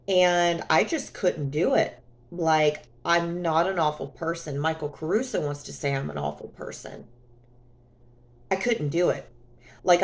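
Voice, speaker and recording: A woman talking to camera in a sassy, emphatic way, often calling the listener honey. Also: on the low side. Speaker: vlogger. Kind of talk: casual monologue to camera.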